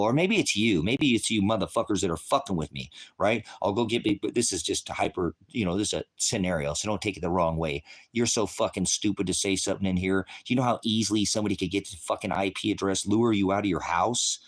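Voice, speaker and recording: A fast-talking man with a fairly low voice, working as an online preacher and streamer, unloads a heated livestream tirade on his audience, mixing profanity and insults with Bible verses.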